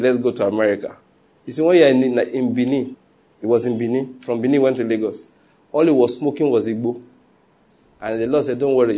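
A man preaching a sermon in an animated way, full of laughing asides and acted-out quotes. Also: medium pitch, husky.

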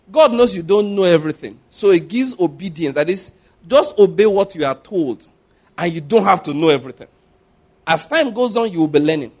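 A man preaching a sermon, telling stories and acting out the scenes. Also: high-pitched. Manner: animated storytelling, acts out scenes.

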